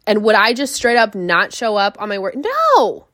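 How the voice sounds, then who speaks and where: A young woman fitness coach chatting on her podcast, telling stories in a lively, rambling way with lots of fillers. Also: medium pitch, brisk, no echo, studio quality. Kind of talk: casual solo podcast chat.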